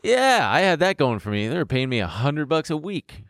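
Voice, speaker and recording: A young man casually telling a story in an animated way, laughing and swearing as he goes. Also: fairly high pitch, normal speed, creaky, dry recording, clean studio sound.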